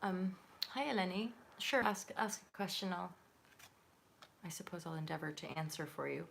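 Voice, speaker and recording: A woman's voice: on the low side, fairly even intonation, normal speed, gravelly, slight background noise. A woman hosting a live tarot reading, chatty and effusive, with many fillers. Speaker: tarot reader and channel host.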